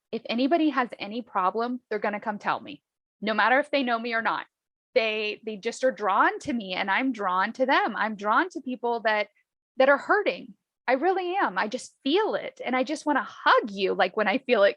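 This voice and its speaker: A woman chatting casually about her own life, acting out the people in her stories with lively voices. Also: fairly high pitch, no echo. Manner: animated, acts out dialogue in lively voices. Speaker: podcast host, guest. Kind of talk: casual storytelling chat.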